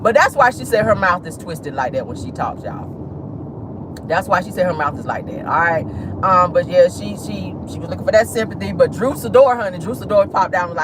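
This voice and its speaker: Sassy, animated gossip vlogger in a car. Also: mid-range voice, fairly quick, background noise. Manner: sassy and animated, laughs often. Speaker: vlogger and gossip show host. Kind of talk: celebrity gossip commentary.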